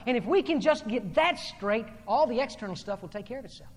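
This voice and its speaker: A male preacher delivering a sermon, swinging from loud, declaiming passages to low, intense murmurs. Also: animated, a little fast, few pauses. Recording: long hall reverb.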